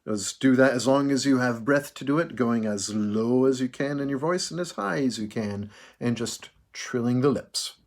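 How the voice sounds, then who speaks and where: A man leading a choir through breathing and vocal warm-ups, calm and patient, counting out each breath. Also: mid-range voice, moderate pace, few pauses. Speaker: choir director.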